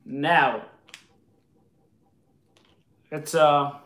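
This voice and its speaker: A man's voice: on the high side, steady tone, very slow, fairly bright tone, roomy sound. A man hosting a live video chat, answering viewer comments in an opinionated, argumentative way.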